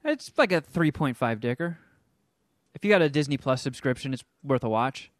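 A man co-hosting a casual podcast, telling a film's story with animated energy and now and then hamming up silly voices. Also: mid-range voice, moderate pace, no echo, clean studio sound. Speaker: podcast co-host reviewing a film. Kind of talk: casual chat.

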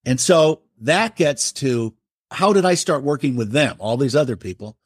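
A man's voice: mid-range voice, lively intonation, moderate pace, slightly rough, no echo, clean studio sound. A middle-aged man, a writer, telling a family story in a casual, rambling way. He interrupts himself often and acts out what others said.

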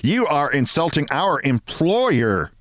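A man voicing a loud, bossy older woman who shouts and brays, in a read-aloud story. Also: very animated, a little slow, dry recording, clean studio sound. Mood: indignant. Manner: shrill, shouting and braying.

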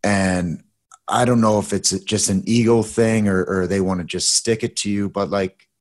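Deep-voiced man speaking in measured tones. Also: fairly even intonation. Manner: measured, reflective, with hesitant restarts. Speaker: podcast co-host, youth hockey coach. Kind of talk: casual chat.

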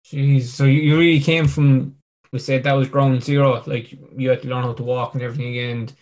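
A man's voice: medium pitch, flat delivery, fairly quick, darkish tone. A man hosting a casual interview, reacting briefly and asking easygoing questions. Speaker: interviewer host.

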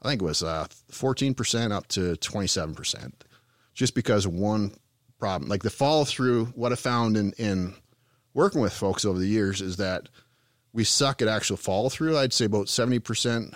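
A man with a low voice and an Eastern Canadian accent tells rambling, folksy anecdotes as a podcast guest, joking as he goes. He works with farms and talks about them in a casual way. The sound is dry and close. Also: moderate pace, no room sound. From Ontario, Canada. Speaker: farm business consultant, podcast guest. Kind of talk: casual storytelling.

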